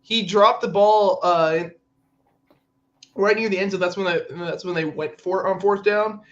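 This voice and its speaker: Excitable man ranting about football. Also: high-pitched, highs cut off. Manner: ranting, exasperated, quick to quote players in mock voices. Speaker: podcast co-host. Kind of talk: casual sports chat.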